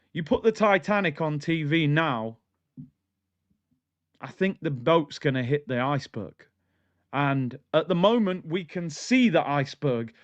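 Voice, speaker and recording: A man hosts a football livestream, ranting in a passionate, blunt way. His voice sits on the high side, and the dry recording has a dull, lo-fi sound.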